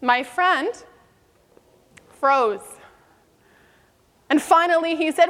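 A woman's voice: high-pitched, slow pace, long pauses, bright, forceful tone, long reverb tail. A woman preaching a sermon, telling a story and acting out the voices in it. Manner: storytelling, acts out quoted voices.

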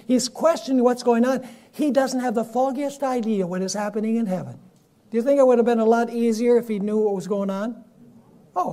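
A man preaching a sermon and reading scripture aloud, with dramatic swings between loud and soft. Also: extremely high pitch.

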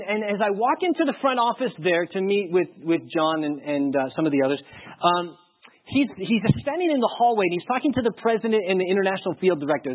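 A male pastor preaching in a storytelling style, lively and acting out the dialogue as he goes. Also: high-pitched. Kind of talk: storytelling sermon. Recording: narrow phone-like sound.

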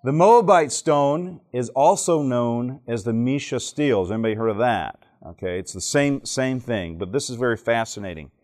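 An Alabama native from the southern United States is teaching at church before a live audience, mixing jokey stories with frequent quizzes for his listeners. His medium-pitched voice is expressive and a little mellow, moving at a moderate pace with few pauses.

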